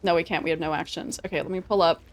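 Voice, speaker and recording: Excitable swearing woman streamer. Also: deep voice, very fast, a little hiss or hum. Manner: excitable, swears freely, laughs often. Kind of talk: casual gameplay commentary.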